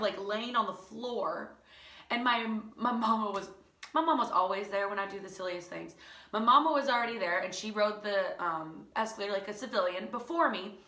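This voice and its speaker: A woman teacher spins a personal story in a loose, chatty way, piling up fillers and laughing as she goes. Her voice is bright and forward. The room around her rings with a noticeable echo. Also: on the high side. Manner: animated, lots of fillers, laughing through the tale. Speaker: teacher and channel host.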